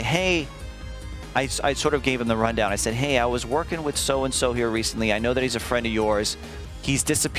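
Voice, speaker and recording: A streamer with a mid-range voice casually tells his chat a story, animated and profane, acting out the lines he quotes.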